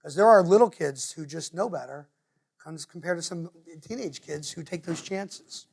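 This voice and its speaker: A man with a New Jersey accent, speaking to parents in a meeting room and telling stories with quick impressions of other people. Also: a little high, gravelly, slightly rough. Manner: animated storyteller, quick to mimic others. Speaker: guest speaker. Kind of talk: lively talk to parents. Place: meeting room with a live audience.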